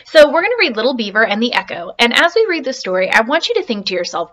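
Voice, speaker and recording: A woman's voice: fairly high pitch, big pitch swings, fast, a bit bright. A woman teacher giving an online reading lesson over her laptop in a chatty, encouraging way, often checking in with questions.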